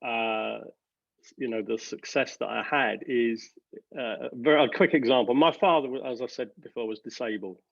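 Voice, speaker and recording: Man, interview guest, halting and earnest, dry muffled recording. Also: medium pitch, gravelly, dry recording. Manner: earnest, halting, many fillers and restarts. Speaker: company director. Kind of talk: reflective interview answers.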